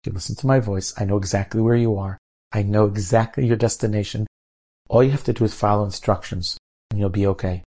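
A man voicing a calm, experienced male air traffic controller who gives steady, measured instructions. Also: lowish voice.

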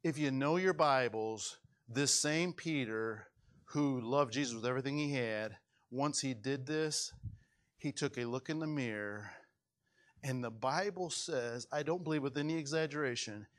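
A man preaching a sermon as pastor, swinging dramatically between loud high outbursts and hushed low passages, acting out quoted voices. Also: unhurried.

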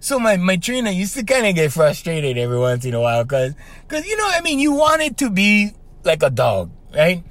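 A middle-aged host speaks briskly in a high-pitched, powerful voice like a trained singer's, recorded without echo. He tells stories animatedly in a casual podcast monologue, regularly tossing in "right?"

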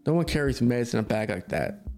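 Guy doing a sensible young dude, calm and a bit sarcastic, storybook style. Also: mid-range voice, a little fast, faint music behind, natural voice.

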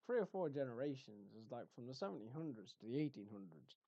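A young man co-hosting a casual chat, telling stories animatedly and swinging between loud bursts and mumbled asides. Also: mid-range voice, very animated, fast talker, creaky, dry recording, lo-fi sound.

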